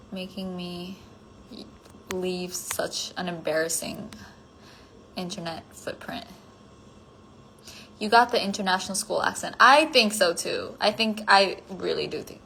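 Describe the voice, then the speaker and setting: Brief: woman hosting a phone livestream, casual and giggly, with a relaxed, unhurried pace. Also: on the low side, creaky, slight background noise, poor audio. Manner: giggly, self-conscious, chatty with many fillers. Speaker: livestream host reading fan comments.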